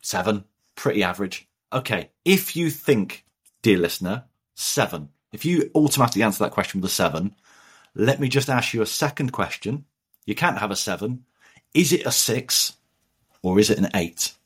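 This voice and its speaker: A man from northern England, a podcast guest, talking in an animated, jokey way. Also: on the low side, moderate pace, husky. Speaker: guest, business author. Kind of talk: podcast interview.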